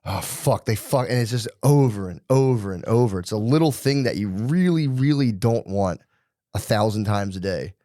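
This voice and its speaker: A man's voice: on the low side, expressive, normal speed, warm tone, dry recording, studio quality. Casual man swearing through a story. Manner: loose, profane storytelling with acted-out inner voices. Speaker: podcast co-host. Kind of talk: casual chat.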